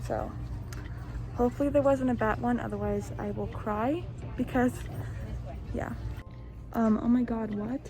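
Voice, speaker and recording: A woman in her early twenties filming a casual shopping vlog inside retail stores, talking excitedly and gushing over what she finds. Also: a little high, measured pace, pauses often, music in the background. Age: early 20s. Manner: excitable, gushing, exclaims often. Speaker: vlogger. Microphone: handheld phone camera.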